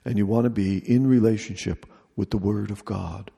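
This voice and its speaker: A man with a dark, mellow, gravelly voice leads a retreat talk in a large hall. He speaks slowly and deliberately and repeats short phrases. The sound carries a long reverb from the room. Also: fairly low pitch, fairly even intonation. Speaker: retreat leader.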